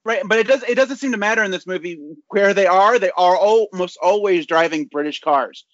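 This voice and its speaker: Casual: dude on a podcast, kinda high voice, stumbles over words a lot, super dry audio. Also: male voice, brisk, a bit bright, dry recording, highs cut off. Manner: hesitant, stammering, wry. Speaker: podcast co-host. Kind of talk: casual chat.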